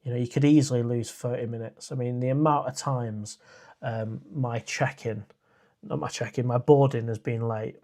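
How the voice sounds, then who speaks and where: This is a man, sitting in on his own casual live stream and answering viewer comments. His voice sits at an everyday middle pitch. He talks in a loose, rambling way, stopping often to restart a thought or fill a gap with "uh.". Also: steady tone, moderate pace, dark tone. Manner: chatty and rambling, with frequent "uh" and restarts.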